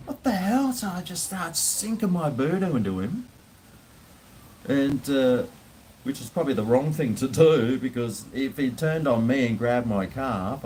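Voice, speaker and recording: Man, casual storyteller, rambling, hesitant, mid-pitched voice, faint background noise. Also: darkish tone, poor audio. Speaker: vlogger.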